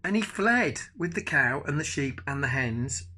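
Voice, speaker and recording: An older man, a grandfather, reading a picture book aloud to his grandchildren with animated asides. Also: fairly high pitch, unhurried. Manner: animated, adds chatty asides to the children. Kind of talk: bedtime storybook reading.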